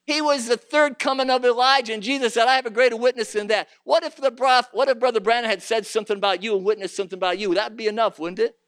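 A man preaching a sermon in an impassioned way, asking rhetorical questions and rising to shouts. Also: very high-pitched, fairly even intonation, fast, few pauses.

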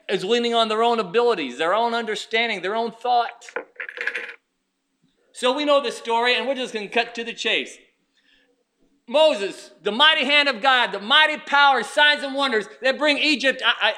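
A man preaching a fervent sermon, firing rhetorical questions at the congregation and breaking into bursts of shouting. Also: very high-pitched, moderate pace.

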